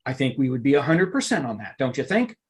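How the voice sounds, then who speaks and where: A middle-aged man giving a live online workplace lunch-and-learn, emphatic and animated, repeating phrases for effect. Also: medium pitch, fast talker. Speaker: workplace trainer and coach.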